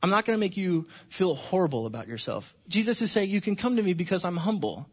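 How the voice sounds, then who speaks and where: A man delivers a sermon in a high, bright-edged voice, swinging between hushed, slow stretches and excited near-shouting. The recording is slightly dull and muffled. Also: husky. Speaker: pastor.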